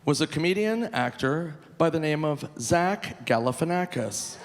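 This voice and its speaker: 40s comedian guy, kinda high and bouncy, giggly, echoey live venue. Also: unhurried, few pauses. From Minnesota, USA. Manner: animated, giggly, self-mocking. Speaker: stand-up comedian. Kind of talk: live stand-up set. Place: live theater stage. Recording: reverberant live venue, faint room noise.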